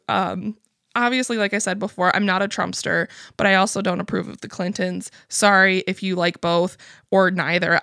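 A woman's voice: mid-range voice, vocal fry, fairly bright tone, no echo, clean studio sound. A young adult American woman hosting a comedy podcast, rambling through a story with lots of swearing and laughing at herself. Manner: profane, rambling, laughs at her own stories. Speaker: podcast host. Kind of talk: casual comedic monologue.

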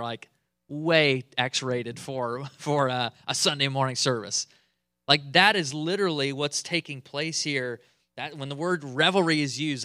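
A male pastor preaching a sermon in a conversational, animated way. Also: on the high side, dry recording, studio quality. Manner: conversational, animated, chuckles often.

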